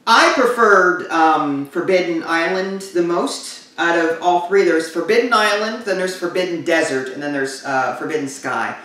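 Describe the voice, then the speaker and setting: Casual chatty man host, loose and rambling, boomy room, mic far away. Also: moderate pace, few pauses, sharp tone, heavy reverb. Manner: rambling, many fillers and restarts. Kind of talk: casual chat.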